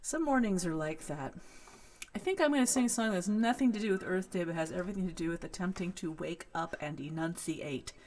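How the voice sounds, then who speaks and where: A woman with a West Coast American accent, a folk singer hosting her live stream and chatting excitedly with viewers between songs. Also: on the low side, brisk. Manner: chatty, excitable, greets viewers warmly by name. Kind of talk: casual chat between songs.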